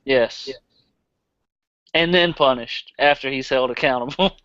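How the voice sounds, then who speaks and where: A man's voice: mid-range voice, a little slow, fairly bright tone, clean tone, dry recording, muffled recording. A man with a Southern accent hosting a casual podcast, blunt and profane, laughing easily. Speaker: podcast host.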